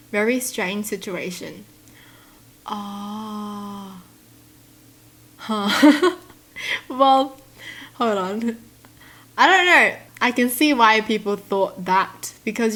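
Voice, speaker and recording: A young woman reads out stories and reacts to them in animated casual chat, laughing often. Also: mid-range voice. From Australia. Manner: animated, laughs often, slips into mock voices. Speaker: YouTuber reading and reacting to stories.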